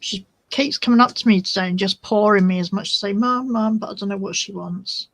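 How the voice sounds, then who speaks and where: A woman's voice: medium pitch, a little fast, creaky, dry recording, rough recording. A woman hosting a crafting vlog, chatting casually and easily distracted while she shows her resin swatches. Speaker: crafting channel host.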